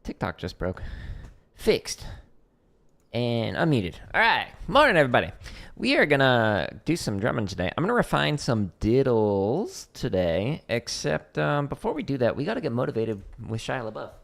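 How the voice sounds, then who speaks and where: Gravelly, chatty man on a stream. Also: medium pitch, sing-song, normal speed, a bit bright. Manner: casual, chatty, self-deprecating. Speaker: drum teacher streaming practice. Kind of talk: casual livestream chat. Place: home practice space.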